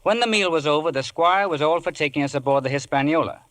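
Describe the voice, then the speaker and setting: A man's voice: a little high, quick pace, fairly bright tone, close to an everyday voice. A man narrating his own boyhood story in a 1950s radio drama. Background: music.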